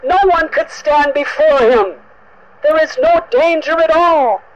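Loyal younger brother, voiced by a storyteller, firm, dutiful, slow and steady. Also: sits high, muffled recording. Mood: reassuring.

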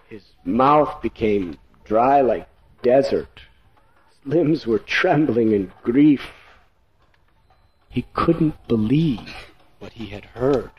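Slow, measured male storyteller. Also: medium pitch, muffled recording. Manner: measured, vivid narration. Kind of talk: dramatic storytelling.

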